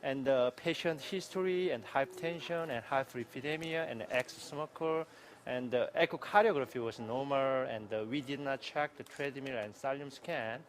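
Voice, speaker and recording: Doctor reciting a patient history. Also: male voice, medium pitch, slight background noise. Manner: halting, list-like recitation of findings. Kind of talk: case presentation.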